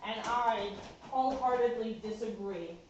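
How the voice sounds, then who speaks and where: High-voiced chatty woman in echoey room. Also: unhurried, recorded from a distance, noisy background. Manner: chatty, filler-heavy, talks to puppies in a playful scolding way. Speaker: dog breeder. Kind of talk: casual vlog chat. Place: indoor puppy room with kennels. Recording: echoey room, voice from afar, dull sound.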